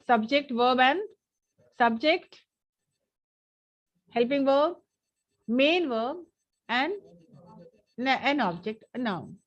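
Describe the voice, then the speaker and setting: A woman's voice: high voice, lively intonation, slow, pauses often, highs cut off. A woman with an Indian English accent teaching a grammar workshop in an online class, explaining step by step and switching between English and Hindi. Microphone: online class recording.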